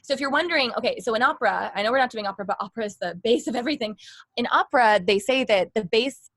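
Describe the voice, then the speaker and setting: A woman's voice: fairly high pitch, fast, no room sound. A young woman teaching vocal exercises in a casual chat, explaining how to speak healthily. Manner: demonstrates bright forward vocal exercises. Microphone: livestream.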